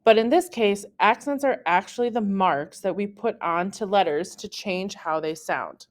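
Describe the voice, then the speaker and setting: Lively pitch jumps mark the examples as a woman French teacher narrates a scripted lesson for beginners. Otherwise, her explaining is measured and careful.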